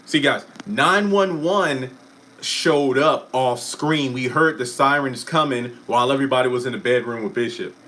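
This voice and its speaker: A man hosting a casual live stream who chats about a TV finale, answers viewer comments, and often breaks off with quick asides and apologies. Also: medium pitch, sharp tone. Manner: chatty, self-interrupting, apologetic asides. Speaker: YouTube live stream host.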